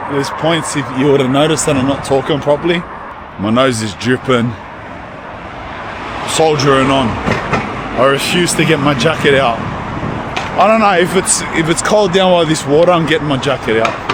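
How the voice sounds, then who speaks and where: A man's voice: a little high, moderate pace, long pauses. Casual vlogger man on a noisy street. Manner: casual slang-heavy chat, calls people bro. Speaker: YouTuber and rapper. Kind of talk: casual travel vlog talk. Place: outdoors in a cold town street. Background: street and traffic sounds.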